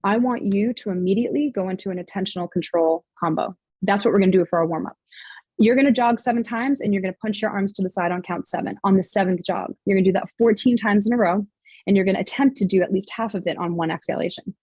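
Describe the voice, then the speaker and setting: A woman's voice: medium pitch, quick pace, darkish tone, breathy edge, dry recording. A woman fitness coach, a guest in a podcast interview, explaining her methods earnestly with many fillers and restarts.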